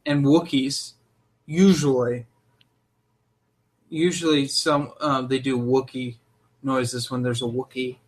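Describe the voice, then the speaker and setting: A young man co-hosting a casual podcast, talking in an animated, opinionated way. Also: mid-range voice, slow, long pauses. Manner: animated, opinionated, jumps into loud mock voices. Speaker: podcast co-host.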